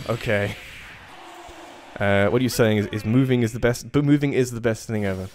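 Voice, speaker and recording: A man's voice: fairly low pitch, darkish tone. A young man streaming a fighting game, chatting casually about moving house and swearing at his opponents. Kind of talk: casual gaming commentary. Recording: faint game music behind.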